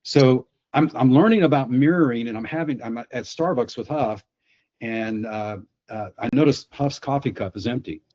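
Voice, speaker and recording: Guy with a husky voice explaining mirroring on a webinar, kinda muffled call audio. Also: medium pitch, moderate pace, darkish tone. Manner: anecdotal, explanatory, self-correcting restarts. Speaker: sales psychology speaker. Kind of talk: storytelling on a webinar panel.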